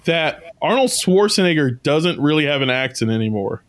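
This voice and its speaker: A man's voice: on the high side, big pitch swings, normal speed. A man co-hosting a casual podcast chat, rambling, swearing and laughing often. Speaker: podcast co-host.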